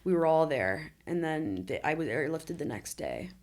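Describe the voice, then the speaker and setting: A woman's voice: low-pitched, expressive, moderate pace, a little mellow. A woman in her twenties, a podcast guest, candidly retelling a traumatic accident, laughing through hard moments. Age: 20s. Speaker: interview guest. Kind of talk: emotional personal storytelling.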